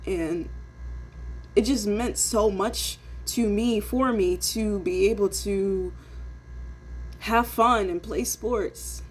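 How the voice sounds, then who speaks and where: This day trader vlogger, a woman in her twenties, speaks slowly in a mid-range voice over a faint hiss or hum. She delivers an emotional, expletive-heavy rant for her casual vlog, ending almost every sentence with "bro."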